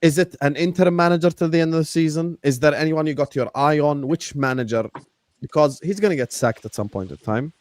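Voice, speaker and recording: A man hosting a live football talk stream, animated and laughing as he shouts out viewers by name. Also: on the high side, a little fast, no room sound. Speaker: host.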